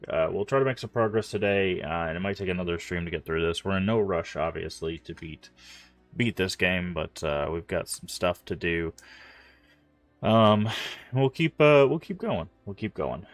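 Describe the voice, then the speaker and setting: A man with a low voice and lively intonation streams a game at a normal speed, chatting casually. He rambles with lots of fillers, sounds stuffed up from allergies, and keeps apologizing.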